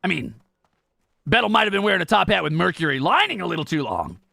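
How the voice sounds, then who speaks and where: Bright, lively young man streaming. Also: high-pitched, quick pace, gravelly, no echo, clean studio sound. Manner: playful, joking, drifts into mumbling while typing. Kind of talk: casual gaming livestream chat. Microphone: close streaming mic.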